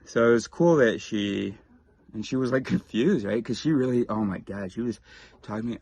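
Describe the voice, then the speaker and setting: A man vlogging, telling a story in a rambling, casual way with quick asides and restarts. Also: lowish voice, a little mellow, breathy edge.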